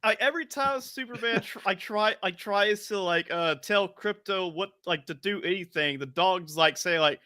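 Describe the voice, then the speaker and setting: A man's voice: high voice, moderate pace, few pauses, pushed and bright. A man co-hosting a casual movie review podcast, rambling with many fillers. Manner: rambling, heavy on fillers like 'like'. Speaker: podcast co-host.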